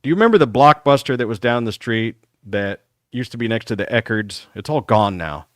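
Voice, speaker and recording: A middle-aged man hosting a talk show, telling rambling, profane stories about his school days in a casual, animated way. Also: medium pitch, a little fast, dry recording, clean studio sound. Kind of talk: casual storytelling.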